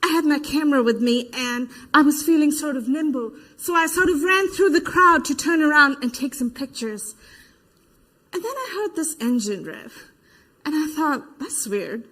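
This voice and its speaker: Brief: an actress as a female protester witness, high voice, vivid stage retelling that acts out quoted voices. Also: expressive, normal speed, a bit bright. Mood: recounting. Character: adult female protester giving eyewitness testimony. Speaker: stage actor. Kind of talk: verbatim theater monologue.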